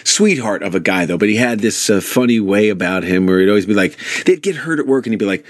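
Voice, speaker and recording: A man's voice: fairly low pitch, expressive, a little fast, hardly any pauses, no room sound, studio quality. A man from New York, an actor and comedian being interviewed, telling earnest family anecdotes. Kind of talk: interview storytelling.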